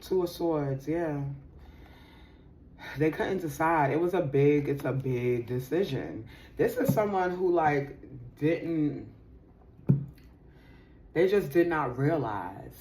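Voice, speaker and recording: A woman speaks slowly in a low voice, leaving long pauses, with a little hiss or hum on the recording. She's doing a relaxed tarot reading, swearing and using slang, laughing often, emotional and lively, calling viewers sis and y'all.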